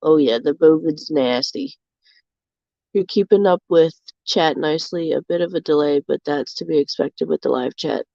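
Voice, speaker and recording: A woman's voice: low voice, normal speed, gravelly, warm tone, dry recording. A young woman, chatting casually on a livestream from her bedroom, rambling with lots of fillers and a bit out of breath. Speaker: streamer. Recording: slightly dull dry sound.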